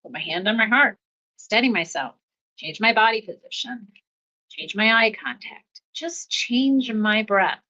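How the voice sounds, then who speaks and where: A woman hosting a self-help podcast, talking calmly about pausing before reacting, with steady, repeating coaching phrases and soft laughs. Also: mid-range voice, dull audio. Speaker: podcast host. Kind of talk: reflective self-help talk.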